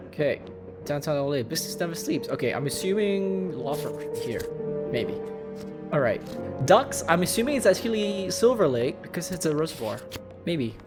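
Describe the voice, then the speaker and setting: Gaming YouTuber man, casual let's-play chatter, lively pitch, game music underneath. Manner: casual, chatty, mutters to himself. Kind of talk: let's play commentary and reading character lines.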